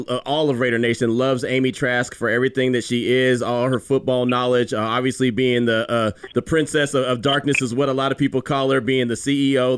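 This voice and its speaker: A man's voice: mid-range voice, smooth, dry recording. Male podcast host, conversational questioner with slight stumbles, dry close mic. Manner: stammering, restarts. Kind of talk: interview questions.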